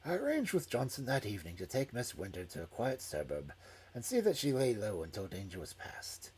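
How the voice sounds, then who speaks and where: A man reading a story aloud in an expressive, dramatic way. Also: mid-range voice, a little fast, slight background noise.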